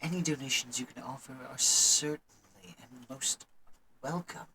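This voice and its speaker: A man narrating a tabletop game as game master, calm and soft-spoken. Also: mid-range voice, moderate pace, a little hiss or hum, rough recording.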